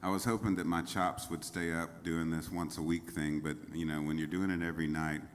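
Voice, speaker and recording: A man's voice: a bass voice, little pitch movement, fairly quick, a little hiss or hum. A man, a singer-songwriter, telling easygoing, rambling stories between songs while seated on a music venue stage. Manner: rambling, easygoing storytelling with frequent fillers. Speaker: singer-songwriter performing a livestreamed show. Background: faint guitar.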